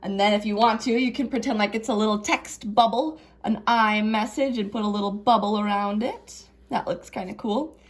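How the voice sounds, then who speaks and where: A woman's voice: mid-range voice, fairly even intonation, moderate pace, hardly any pauses. A woman teaching children a lesson in a patient, explaining way while writing things down.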